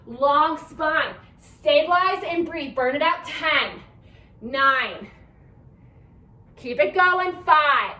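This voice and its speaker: Woman fitness instructor, high voice, upbeat coaching, a little out of breath, echoey room, mic at a distance. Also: bright, forceful tone. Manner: upbeat coaching, counting down reps. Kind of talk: workout class cueing.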